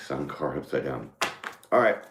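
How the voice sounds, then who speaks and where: A man's voice: a bass voice, big pitch swings, a little slow, roomy sound, slight background noise. A man doing a casual live tarot reading, a swearing storyteller who rambles and laughs often. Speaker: tarot reader; former mechanic.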